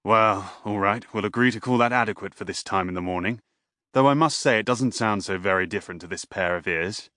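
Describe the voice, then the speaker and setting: A man's voice: lowish voice, brisk, sharp tone, no echo, studio quality. A man voicing a stocky, fussy father in his early fifties who chides his son in a reproachful way.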